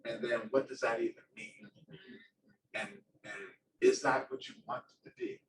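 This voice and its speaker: A man on a discussion panel, speaking in a reflective, animated way about working with young people. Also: mid-range voice, measured pace, roomy sound. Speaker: panelist, community youth worker. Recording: distant mic with room noise.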